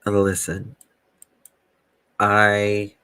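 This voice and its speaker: A man hosting a casual live stream as a web sleuth, reading chat comments in a calm, dry, teasing way. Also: lowish voice, drawn-out words, clean tone, no echo.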